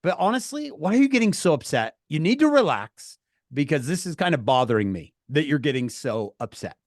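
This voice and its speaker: A man teaching a class of teenagers over a video call, telling an animated story and acting out the dialogue in different voices. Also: on the high side, brisk, no room sound, clean studio sound.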